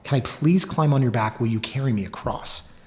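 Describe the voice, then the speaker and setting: A man's voice: mid-range voice, fairly quick, darkish tone, lightly acted. A man voicing a sly scorpion from a fable in his own matter-of-fact podcast voice.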